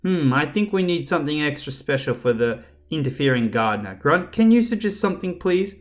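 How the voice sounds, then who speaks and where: A scheming female villain doctor from a children's storybook, mock-polite and cruel, as a man reads her lines. She purrs and hisses, with a voice set a touch high for a man. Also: very animated, a little fast. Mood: purring menace. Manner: purring, hissing, mock-polite.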